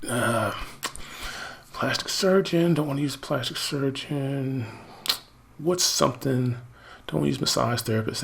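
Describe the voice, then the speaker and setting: An American man with a chatty, excitable manner, thinking aloud as he walks through a screen-share marketing tutorial. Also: medium pitch, gravelly. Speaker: marketing coach.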